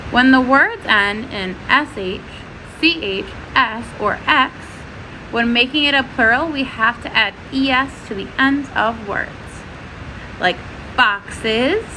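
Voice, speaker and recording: A woman teaching a first-grade phonics lesson, sounding out letters and words slowly and clearly. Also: sits high, pushed and bright, a little hiss or hum, low-quality recording.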